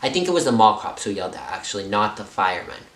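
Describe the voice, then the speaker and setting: A young man vlogging a storytime, animated and full of fillers, often jumping up into high voices. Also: fast, roomy sound. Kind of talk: storytime vlog.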